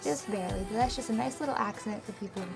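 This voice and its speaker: A woman's voice: on the high side, fast talker, vocal fry. A young woman casually narrating a makeup tutorial, rambling a bit with ums and self-corrections. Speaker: makeup vlogger. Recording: music playing underneath.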